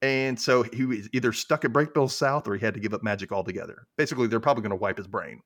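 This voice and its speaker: A man's voice: fairly low pitch, fast, fairly bright tone. A man co-hosting a podcast, casually recapping a TV episode and acting out the characters' lines in put-on voices. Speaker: podcast co-host.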